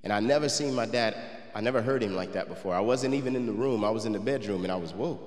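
A man's voice: lowish voice, fast talker. A man preaching a sermon. He reads old scripture, then tells a personal story that moves him. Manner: gets emotional and quiet while telling the story. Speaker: pastor. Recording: roomy hall with long reverb.

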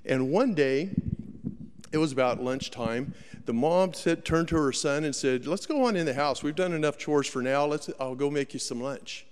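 A man with a drawl tells a sermon story in a folksy, dramatic way, acting out every voice. His voice sits a little high for a man. It rings with a long reverb, as in a large church hall. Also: moderate pace, slight background noise. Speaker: preacher.

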